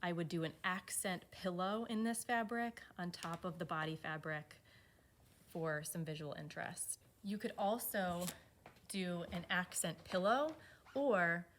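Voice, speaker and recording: A woman giving an enthusiastic, relaxed walkthrough of furniture fabric pairings. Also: fairly low pitch, measured pace, a little hiss or hum. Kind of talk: product walkthrough.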